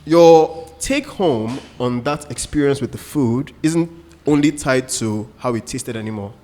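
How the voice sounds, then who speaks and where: A man's voice: mid-range voice, measured pace, dark tone, long reverb tail. A man, co-hosting a casual podcast chat and explaining his views through examples and asides. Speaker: co-host.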